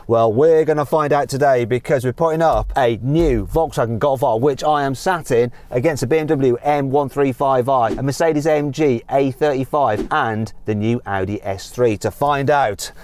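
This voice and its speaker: A man's voice: mid-range voice, moderate pace, few pauses, a little mellow, dry recording. A man presenting a car drag race from inside a car, cheeky and jokey, exclaiming at the action.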